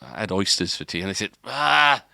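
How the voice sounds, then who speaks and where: A man's voice: sits low, animated, rapid-fire, creaky, bright, forceful tone, dry recording, clean studio sound. A man, a podcast co-host, telling a long story in casual chat, rambling with restarts and filler words.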